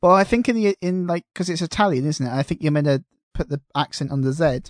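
A man chatting casually on a gaming podcast, sweary and excitable as he rants. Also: on the high side, quick pace, dry recording, clean studio sound. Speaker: podcast co-host.

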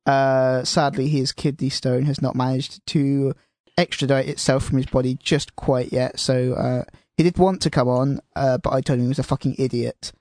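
A man's voice: medium pitch, flat delivery, normal speed, darkish tone, no echo, clean studio sound. A man hosting a casual podcast chat, rambling and self-deprecating, with casual swearing. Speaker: podcast host.

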